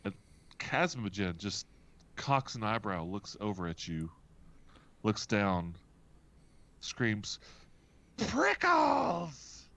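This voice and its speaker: A man running a tabletop game as game master, laid-back and animated as he narrates and makes rulings. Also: on the low side, slow pace, pauses often, muffled recording.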